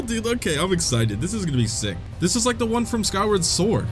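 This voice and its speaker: A man giving excitable, jokey commentary while playing a video game, laughing often. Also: high voice, moderate pace, soft background music. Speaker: gaming video host. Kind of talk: let's play commentary.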